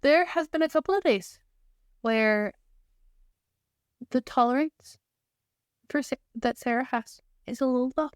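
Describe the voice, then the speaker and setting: A woman's voice: sits high, measured pace, pauses often, smooth, no room sound, clean studio sound. A woman co-hosting a podcast, chatting casually with blunt, sarcastic storytelling. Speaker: podcast co-host. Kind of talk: casual chat.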